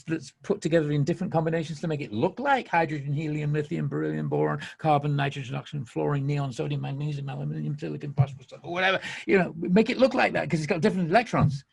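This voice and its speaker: A man with a Mancunian accent hosts a podcast in a loose, rambling monologue, laughing often as he goes. His voice is deeply gravelly and a little husky, sitting slightly higher than most men's. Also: a little mellow. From England. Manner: enthusiastic, rambling, frequent laughs. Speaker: podcast host. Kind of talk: casual monologue.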